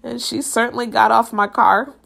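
A young adult woman hosting a podcast, telling a personal story in a blunt, animated and profane way. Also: on the high side, moderate pace, vocal fry. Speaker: podcast host. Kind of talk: casual storytelling.

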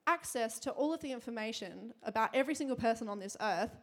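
A young woman preaching to a congregation in a chatty, quick way, full of fillers and bursts of laughter. Her voice sits a little high, and she moves easily between storytelling and teaching. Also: animated. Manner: chatty, fast, laughing often, many fillers. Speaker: church speaker. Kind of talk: sermon with personal story.

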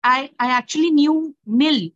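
A woman's voice: sits high, a little slow, fairly bright tone, no echo. A woman with an Indian accent talks hesitantly in casual chat, dropping in Hindi fillers, over a video call. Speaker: summit participant. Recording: dull, dry video call audio.

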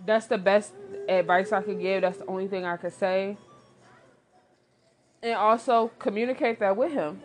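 A woman, giving blunt, animated relationship advice in casual commentary, talking straight to the listener. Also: medium pitch, normal speed, pauses often, faint music behind.

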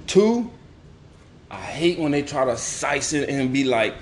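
A man from New Orleans with a local accent, chatting casually about a movie in slangy, animated talk. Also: mid-range voice, slow, slight background noise. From New Orleans, Louisiana. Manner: animated, slangy, laughs often. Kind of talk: casual movie review chat.

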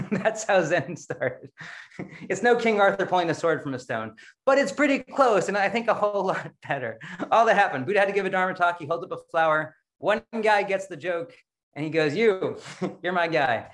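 A man's voice: high-pitched, animated, moderate pace, fairly bright tone. A man who leads a Zen practice group, giving a casual dharma talk to an online group, chatty and self-deprecating with frequent laughter.

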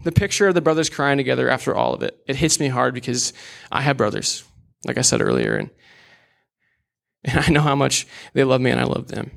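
A man's voice: medium pitch, big pitch swings, a little fast, vocal fry, fairly bright tone. A young man preaching a sermon in an earnest, candid way, with casual asides.

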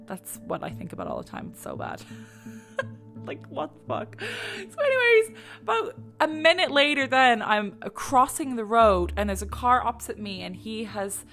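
A young woman telling stories about her week in a casual, animated way, swearing freely and saying "like" a lot. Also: fairly high pitch, moderate pace, gravelly, faint music behind. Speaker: vlogger. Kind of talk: casual storytelling.

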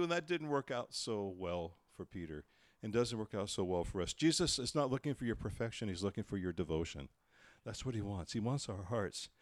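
A man preaching a sermon, telling the story with lively delivery and acting out the voices he quotes. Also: lowish voice, fairly quick, hardly any pauses, no echo. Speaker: pastor.

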